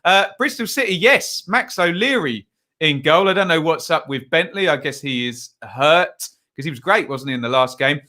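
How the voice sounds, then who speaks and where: A man's voice: on the high side, animated, normal speed, pushed and bright. A young English man hosting a live football stream, chatting casually, reading out lineups and viewer comments with plenty of ums. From England. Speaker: football channel host.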